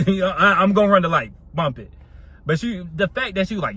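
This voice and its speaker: A man's voice: fairly high pitch, sing-song, fast, sharp tone, slightly rough. A young man telling a casual storytime monologue in a slangy, laid-back way, laughing often.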